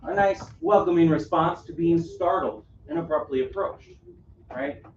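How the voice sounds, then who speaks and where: A man's voice: on the high side, normal speed, a little mellow, slight background noise. A man presenting a caregiving workshop to a live audience on a cruise ship, engaging the room with questions and a frequent "right?". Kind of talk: live interactive workshop talk. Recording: roomy, distant, dull audio.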